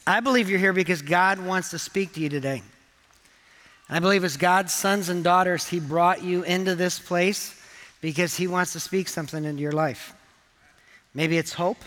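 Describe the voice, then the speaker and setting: A man's voice: high voice, normal speed, a bit bright, long reverb tail. A man preaching a sermon as pastor, earnest and conversational with touches of humor. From England. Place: church auditorium.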